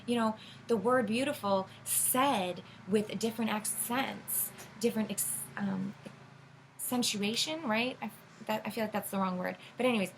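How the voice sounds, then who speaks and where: A woman tarot reader talks beginners through the basics in a relaxed, meandering way. She pauses on fillers and corrects herself as she goes. Her voice sits at a middle pitch, with a faint noise under the recording. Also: poor audio. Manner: rambling, filler-heavy, self-correcting. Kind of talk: casual teaching monologue.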